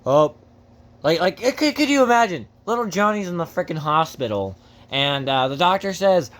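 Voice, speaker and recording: A man's voice: sits high, very animated, moderate pace, a bit bright. A man hosting a casual unboxing video, rambling and joking as he goes off on tangents, with the odd swear word. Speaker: host.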